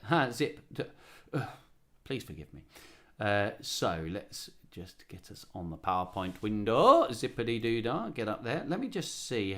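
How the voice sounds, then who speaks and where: A man's voice: medium pitch, a bit bright. A man, a musician, hosting a casual livestream and chatting playfully between songs with a self-mocking humor. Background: guitar.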